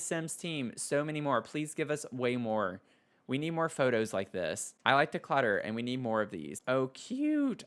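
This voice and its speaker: An excitable man talks through game items in a casual voice-over review. His voice sits in an ordinary middle pitch. He gushes and gasps often, and his chatty delivery is full of fillers and repeated words. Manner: gushing and excitable, frequent gasps and "oh". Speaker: game content creator.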